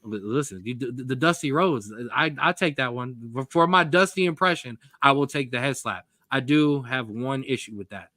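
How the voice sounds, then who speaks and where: A young man co-hosting a sports podcast, talking in a rambling, jokey, animated way. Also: medium pitch, normal speed, hardly any pauses, no room sound, clean studio sound. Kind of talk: casual sports chat.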